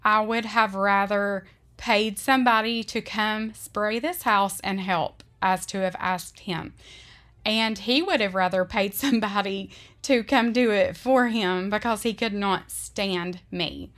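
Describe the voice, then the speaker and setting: Woman home vlogger, sincere and emotional, medium pitch, unhurried heartfelt delivery. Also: fairly even intonation, a bit bright. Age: adult. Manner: earnest, emotional, often slow and deliberate. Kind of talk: heartfelt faith-based vlog talk.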